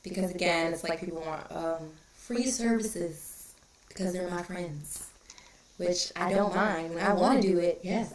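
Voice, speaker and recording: Woman, spiritual reader hosting a relaxed livestream, chatty and candid, in a roomy, echoey space. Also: fairly low pitch, a little slow. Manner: chatty and candid, greeting viewers by name, drops to a whisper at times. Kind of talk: casual livestream chat.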